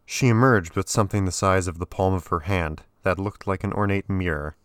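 A man reading scripted story narration in a steady, even way. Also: low voice, fairly quick, clean tone, no echo, studio quality. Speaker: audiobook narrator.

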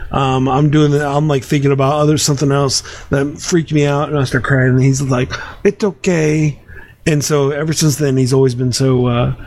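A man's voice: medium pitch, darkish tone. A man in his thirties hosting a casual podcast chat, telling stories with lots of restarts and fillers. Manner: rambling, frequent restarts and fillers. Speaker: podcast host.

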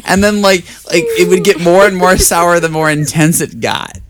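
A man's voice: high voice, moderate pace, crowd noise. A man co-hosting a casual podcast chat, rambling and laid-back, swearing casually. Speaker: podcast co-host.

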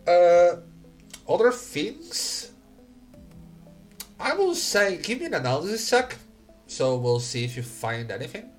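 A man narrating as game master of a tabletop game, relaxed, laughing often, with many fillers. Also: high voice, takes it slowly, pauses often. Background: faint music.

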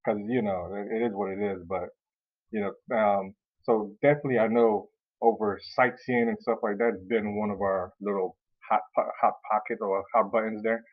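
A man with a lowish voice co-hosts a laid-back podcast. He talks in an animated, joking way and slips into quoted voices. The audio is thin and tinny, like a phone line. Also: normal speed. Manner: animated, acts out quoted voices, laughs often. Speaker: podcast co-host. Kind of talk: casual chat.

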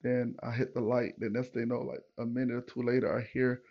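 A man's voice: medium pitch, level tone, quick pace, gravelly, muffled recording. A young man, hosting a podcast and telling a rambling personal story to his listeners, with many fillers and asides. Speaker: podcast host. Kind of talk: casual storytelling monologue.

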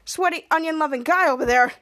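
Woman reading bossy male superhero, barks orders, very high voice. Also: fast, sharp tone.

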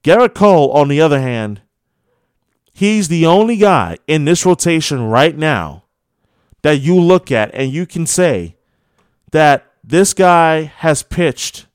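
A radio host with a slightly high, clear, resonant voice rants through a heated sports opinion piece full of scolding rhetorical questions. The recording is dry and studio quality.

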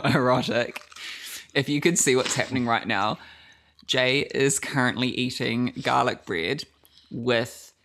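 Young woman, podcast co-host, casual chat, giggly, bright tone, animated pitch. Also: creaky. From New Zealand. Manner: giggly, bubbly, playful.

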